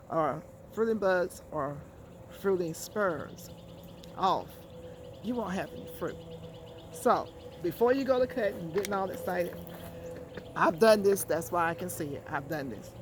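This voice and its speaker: A woman's voice: on the low side, a little hiss or hum. Chatty woman gardening outdoors. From Georgia, USA. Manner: chatty, repeats words for emphasis, talks straight to viewers. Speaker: gardening channel host. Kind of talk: casual how-to vlog.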